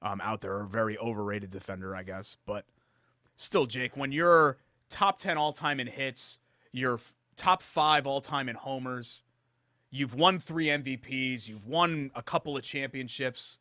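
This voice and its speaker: Man, sports talk co-host, bright tone, dry studio sound, animated when arguing. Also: medium pitch, a little slow, dry recording.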